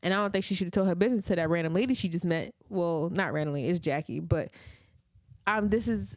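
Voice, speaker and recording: A woman's voice: mid-range voice, lively intonation, fairly quick, no room sound. A woman hosting a casual recap vlog about a reality TV show, talking in a chatty way with lots of "like" and rhetorical questions. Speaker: reality TV reviewer.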